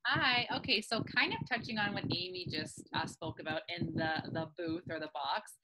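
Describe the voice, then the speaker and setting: A woman's voice: lowish voice, moderate pace. A woman interviewing a voice actor in a chatty way with many fillers, over a noisy line. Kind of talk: casual interview. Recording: background noise on the line.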